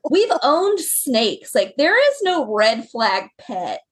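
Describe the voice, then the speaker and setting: A woman from Florida chatting on a podcast, laughing often as she tells stories with quick asides. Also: fairly high pitch, big pitch swings, fairly bright tone, slightly rough. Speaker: podcast guest. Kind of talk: casual chat.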